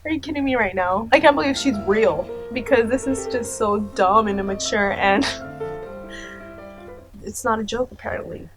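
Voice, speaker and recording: A woman in her thirties talks through a reaction commentary in a casual, sarcastic way, laughing often and filling her speech with "like" and "you know." Her voice sits fairly high. Faint music plays behind her. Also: a little slow. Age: 30s. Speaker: commentary YouTuber.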